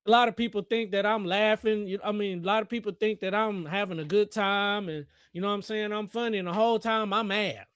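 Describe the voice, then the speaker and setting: A man's voice: high-pitched, steady tone, brisk, few pauses, a bit bright, smooth, no echo, clean studio sound. A man hosting a trading livestream, joking and talking back to the chart in casual live commentary. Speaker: livestream host and futures trader.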